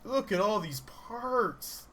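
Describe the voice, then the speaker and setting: A man giving casual, rambling game commentary, excitable and laughing often as he plays. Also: sits high, slow pace, a little hiss or hum. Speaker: gaming channel host. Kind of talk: casual let's-play commentary.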